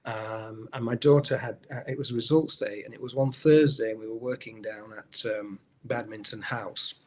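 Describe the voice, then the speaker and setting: A middle-aged man, an actor as a guest, telling stories in a relaxed interview, often restarting his sentences. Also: medium pitch, moderate pace. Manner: rambling storyteller, many restarts. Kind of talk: anecdotal interview chat.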